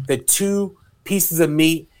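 A man co-hosting a morning radio show, telling stories in a loose, animated way and acting out what people said. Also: on the high side, takes it slowly. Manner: animated storyteller, acts out quotes, swears freely. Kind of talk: casual radio chat.

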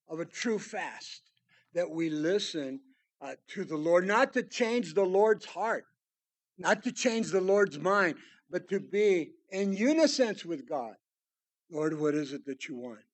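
A man preaching a sermon, reading Bible verses aloud and commenting on them, swinging between loud emphasis and hushed prayerful tones. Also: sits high, lively intonation, slow pace, slightly rough.

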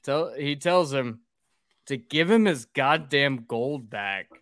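A man's voice: medium pitch, lively intonation, slow pace, fairly bright tone, dry recording, studio quality. A man hosting a casual drinking podcast, recapping a film plot in a profane, rambling way.

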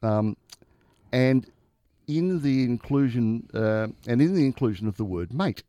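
Older man, lively chatty voice. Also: mid-range voice, a little slow, no echo, highs cut off. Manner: chatty, restarts often. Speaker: radio co-host. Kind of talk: casual chat.

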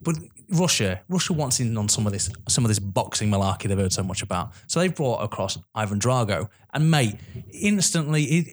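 Fast-talking man chatting films. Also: fairly low pitch. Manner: animated, swears, laughs often. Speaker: podcast co-host. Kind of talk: casual film chat.

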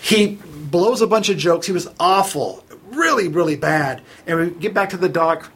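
A man telling a long, funny story in casual conversation, animated and self-mocking, laughing at his own jokes. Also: sits high, moderate pace, a little hiss or hum. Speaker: storyteller on a chat show.

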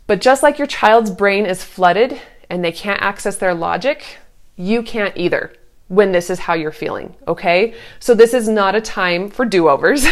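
An earnest woman in her thirties talks parents through hard moments in a reassuring, conversational way. Her voice sits at an everyday middle pitch, and now and then she slips into a sweet, sing-song tone to act out a parent's words. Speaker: parenting coach. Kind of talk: casual advice talk.

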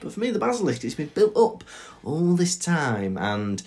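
A man co-hosting a podcast, chatting casually and playfully about a book chapter and slipping into quick impressions. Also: on the high side, huge pitch swings, darkish tone. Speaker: podcast co-host.

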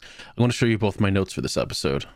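Ranting young man, lively pitch. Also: fast, no echo, studio quality. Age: young adult. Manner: ranting, exasperated, heavy swearing. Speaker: podcast co-host. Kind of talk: casual chat.

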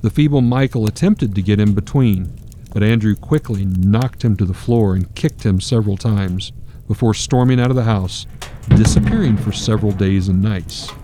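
A man narrating a dark story in a measured, grave manner. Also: on the low side, noisy background.

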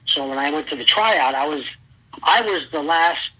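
A middle-aged man with a husky, sharply bright voice recounts his wrestling days to an interviewer. He acts out the people he quotes with loud bursts, and the sound has a thin phone-line quality. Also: fairly high pitch, moderate pace. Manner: animated storyteller, acts out quotes loudly. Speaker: guest, former pro wrestler. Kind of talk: storytelling interview.

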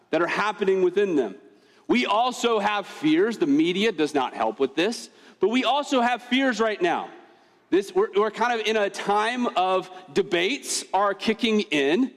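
A man preaching a sermon as pastor, emphatic and animated, asking rhetorical questions. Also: high voice, in a large hall.

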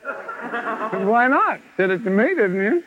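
A man's voice: high voice, a little slow, slightly rough. A man preaching at a revival meeting, telling stories and acting out the dialogue with chuckles. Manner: animated, acts out quoted dialogue, chuckles often. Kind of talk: revival sermon with storytelling. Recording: lo-fi 1970s tape of a live meeting.

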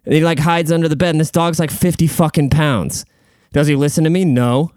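Man, podcast host, profane rambling rant, smooth resonant voice, dry close sound. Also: a little high, fairly even intonation, a little fast, darkish tone, no echo. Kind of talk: casual solo podcast rant. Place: room at home.

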